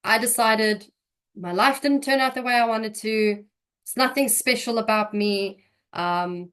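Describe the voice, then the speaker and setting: A young woman telling her personal faith testimony in an emotional, halting way, often restarting her sentences. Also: a little high, a bit bright. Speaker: guest giving testimony.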